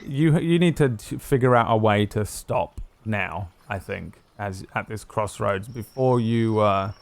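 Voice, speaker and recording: A man's voice: lowish voice, measured pace, gravelly. A man narrating as game master of a tabletop game, talking loosely with many fillers.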